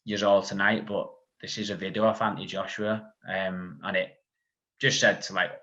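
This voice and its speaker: A man's voice: low-pitched, level tone, normal speed, bright, forceful tone. A man, a podcast guest telling a long story in casual chat, full of "like" and asides. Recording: dull lo-fi sound.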